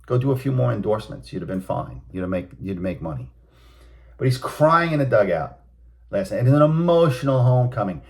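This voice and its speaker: A man's voice: lowish voice, sing-song, brisk, vocal fry. A man, hosting a sports talk show and ranting bluntly, with emphatic outbursts. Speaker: host. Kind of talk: opinionated sports talk monologue.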